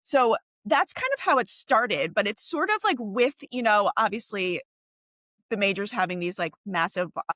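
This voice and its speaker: A woman's voice: medium pitch, animated, normal speed, pushed and bright, no echo. Chatty woman co-hosting a podcast. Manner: chatty, many fillers and restarts. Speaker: podcast co-host. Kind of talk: casual podcast discussion.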